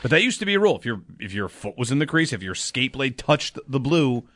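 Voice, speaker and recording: A man hosting sports talk radio, animated and emphatic, often pushing his voice up into loud bursts. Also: mid-range voice, fast talker, no echo, studio quality.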